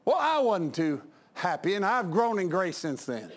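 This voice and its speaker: A man preaches in a folksy, anecdotal way. His voice sits high and leaps all over the place. He jumps from loud outbursts to quiet, confiding asides. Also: big pitch swings, normal speed. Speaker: pastor.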